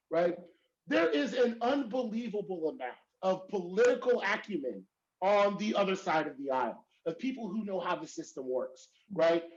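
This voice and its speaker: A man speaking as a professor on a panel, talking emphatically and checking in with "right?" again and again. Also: high-pitched. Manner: emphatic, repeats "right?" often. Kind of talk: panel discussion. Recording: dull lo-fi audio.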